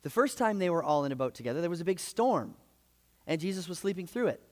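A man preaching a sermon, retelling gospel stories in a lively, conversational way with frequent asides. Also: high-pitched, fast. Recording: long hall reverb.

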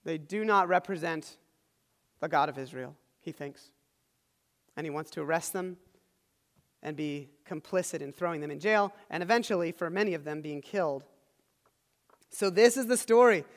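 A man's voice: on the high side, moderate pace, long pauses. A man preaching a sermon as the pastor of a church, retelling a scripture story in a conversational way with asides to the congregation. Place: church hall. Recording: large hall with long reverb.

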